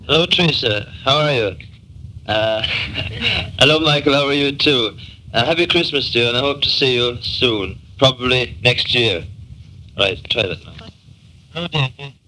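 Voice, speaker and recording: Cheerful bright-voiced man greeting family. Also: medium pitch, moderate pace, a little hiss or hum, rough recording. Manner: cheerful greetings with little laughs. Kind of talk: recorded spoken greetings to family.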